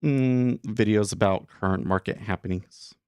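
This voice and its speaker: A man's voice: on the low side, unhurried, darkish tone, clear, resonant tone, no room sound. A man hosting a day trading livestream, talking casually and rambling with lots of fillers and restarts. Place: home studio room.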